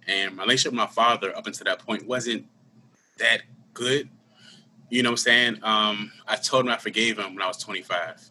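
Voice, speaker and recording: A man's voice: on the low side, pushed and bright, a little hiss or hum. A man talking candidly and earnestly about his own life in a casual conversation, full of slang. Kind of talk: casual conversation, personal storytelling.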